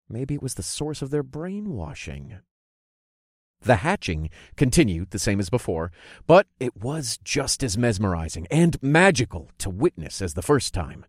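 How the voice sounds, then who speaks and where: Lively low-voiced male audiobook narrator. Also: dry recording, studio quality. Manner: expressive storytelling, voicing characters' lines. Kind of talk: first-person audiobook narration.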